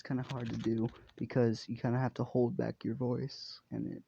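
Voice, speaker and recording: Brief: casual male storyteller, rambling and profane, low mellow gravelly voice, dull lo-fi home recording. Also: steady tone, moderate pace, few pauses, a little hiss or hum. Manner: rambling, swears, many fillers. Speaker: fan storyteller. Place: hot room indoors.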